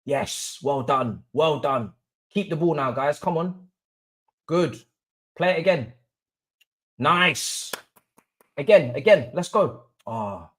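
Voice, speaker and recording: A young man hosting a live football watch-along, swinging between low murmurs and excited chanting. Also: slow pace, pauses often. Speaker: livestream host.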